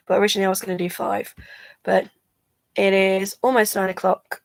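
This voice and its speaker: A woman's voice: medium pitch, dry recording. A drowsy woman chatting casually on a live stream, rambling and yawning between thoughts. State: drowsy from medication. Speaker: vlogger going live.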